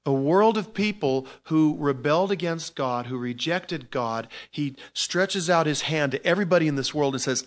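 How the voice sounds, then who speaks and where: A man preaching a sermon in an animated, informal way, going from loud exclamations to quiet asides, with repeated words and restarts. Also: on the high side, moderate pace, few pauses. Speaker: pastor.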